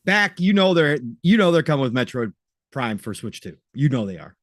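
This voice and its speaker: A man's voice: medium pitch, very animated, a little fast, no echo, studio quality. A man co-hosting a podcast, reading out game release news in a chatty, upbeat way. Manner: chatty, upbeat, breaks into playful mock voices. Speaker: podcast co-host.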